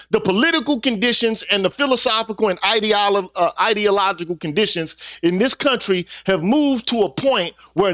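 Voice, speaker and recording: A man's voice: sits high, fairly bright tone, no echo, studio quality. A middle-aged man giving an earnest, preachy, profane monologue to his viewers, ending his sentences with "man.". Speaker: YouTube vlogger. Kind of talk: impassioned casual monologue.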